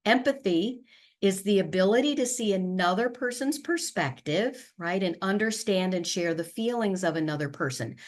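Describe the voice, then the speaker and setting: A middle-aged woman leading a webinar for caregivers, explaining patiently and acting out calm, soothing sample replies. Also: medium pitch. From USA. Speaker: webinar facilitator and family therapist. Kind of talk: educational webinar presentation.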